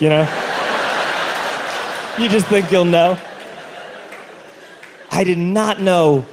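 High-voiced guy doing a stand-up set, lively storytelling, live show, crowd noise underneath. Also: slow pace, long pauses. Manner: animated storytelling, acting out other people. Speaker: stand-up comedian. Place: comedy stage with a laughing audience.

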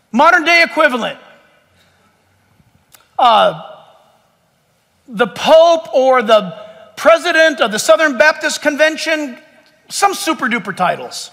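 A man's voice: very high voice, sing-song, unhurried, sharp tone, big-room sound. A man preaching a sermon to a church congregation with rising, emphatic delivery. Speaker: pastor. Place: church hall.

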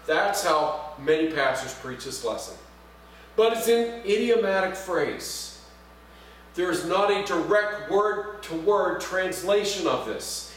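A man's voice: sits high, a bit bright. A man preaching a sermon as pastor, talking conversationally, asking the congregation questions and making light jokes. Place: church sanctuary. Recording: echoey church from far off, faint hum.

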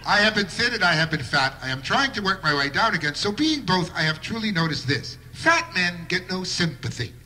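A man's voice: high-pitched, very animated, fairly quick, hardly any pauses, sharp tone, a little hiss or hum. A man doing a live stand-up routine with a wry observational delivery and bursts of mock outrage. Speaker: stand-up comedian.

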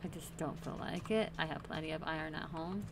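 A woman's voice: low voice, steady tone, a little fast, creaky, background noise. A woman host casually commenting on her Minecraft play, chatty and playful, talking to the game's characters. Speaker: gaming channel host.

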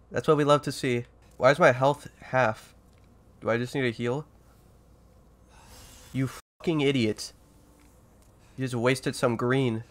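A man giving casual let's-play commentary, excitable and profane, trash-talking the game as he plays. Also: medium pitch. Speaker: gaming YouTuber.

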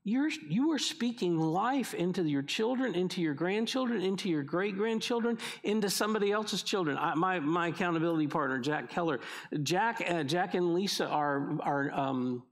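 A man's voice: sits high, lively intonation, normal speed. A middle-aged male pastor preaching a conversational sermon, often restarting his sentences as he goes.

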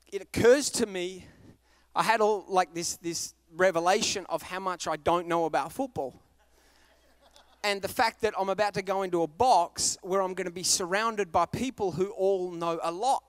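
An Australian man preaching a sermon, telling a self-mocking story with animated delivery and sudden shouted bits. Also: sits high, moderate pace, smooth, no room sound.

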